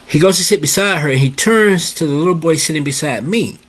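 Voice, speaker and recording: An older man telling a story in a casual, animated way, often checking in with "okay?" and addressing his viewers as guys. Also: a little high, brisk. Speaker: host.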